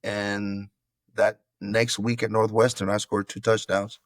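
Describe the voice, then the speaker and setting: A man's voice: fairly low pitch, level tone, measured pace, no room sound. A middle-aged man from Florida, a former football player, telling a story in a casual interview over a video call. He acts out quoted lines and often calls the host bro.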